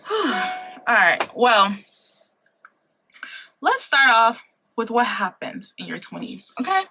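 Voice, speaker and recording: A woman in her late twenties from Ohio, USA, vlogs casually to camera through a compact camera mic, chatty, dramatic, and laughing often. Her medium-pitched voice is sing-song and sharp, slow with long pauses, and a little hiss or hum is audible.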